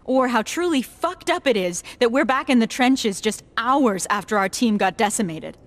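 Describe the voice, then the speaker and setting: A woman's voice: mid-range voice, unhurried. An actress playing a blunt, profane young female resistance soldier in a video game. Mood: angry. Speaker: soldier, explosives specialist. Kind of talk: video game cutscene acting.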